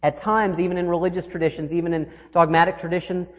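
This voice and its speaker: A man's voice: high voice, little pitch movement. Man preaching in an echoey hall. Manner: storytelling, shifting between quick and slow. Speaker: minister. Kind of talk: sermon. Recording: echoey hall, dull lo-fi sound.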